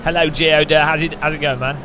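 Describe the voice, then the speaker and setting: A man's voice: a little high, steady tone, brisk, noisy background. Joking British man streaming sim racing. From United Kingdom. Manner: rambling and jokey, with frequent restarts. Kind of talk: casual chat while sim racing.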